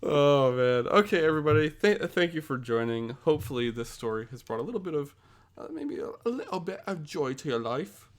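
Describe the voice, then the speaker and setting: A man's voice: fairly high pitch, big pitch swings, a little fast. A young man hosting a casual comedic chat, rambling and giggling, with frequent restarts. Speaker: host.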